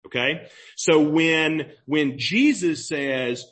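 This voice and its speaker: Young male preacher, fairly high voice, conversational sermon style. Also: takes it slowly, fairly bright tone. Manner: conversational preaching, asks the room "right?" and "okay?". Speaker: pastor.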